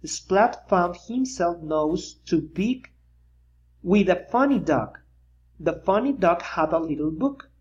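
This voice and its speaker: Slow, lively children's story reader. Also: medium pitch, highs cut off. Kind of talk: children's read-aloud.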